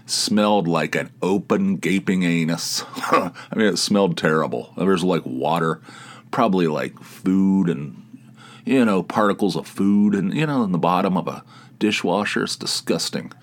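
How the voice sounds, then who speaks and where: A podcast host telling stories in a rambling casual monologue, griping with wry, crude humor. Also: male voice, deep voice, moderate pace.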